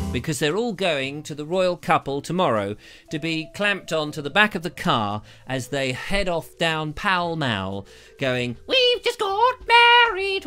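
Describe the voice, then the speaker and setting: A live stream from Britain features its male host rambling and joking as he reads viewers' comments into a lavalier mic. He speaks with a fairly high pitch and a bright, forceful tone.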